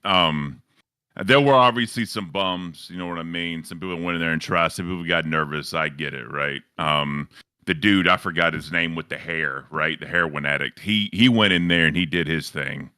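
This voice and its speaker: A man's voice: sits low, moderate pace, pushed and bright, smooth, dry recording, clean studio sound. A man with a Southern accent on a streamed panel, laid-back and profane, rambling through his opinions. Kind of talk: casual chat.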